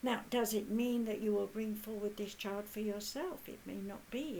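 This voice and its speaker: A woman in her eighties speaking as a spiritual medium in a channeled talk. She is earnest and measured, with long pauses. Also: mid-range voice, warm tone, a little hiss or hum, poor audio. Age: 80s.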